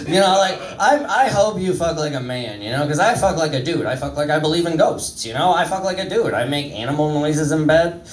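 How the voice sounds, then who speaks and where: A man's voice: on the high side, lively intonation, a little fast. A man in his thirties doing a stand-up set, rambling and crude, mocking himself as he talks to the crowd. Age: 30s. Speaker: stand-up comedian. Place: comedy club stage. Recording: echoey room, voice from far off.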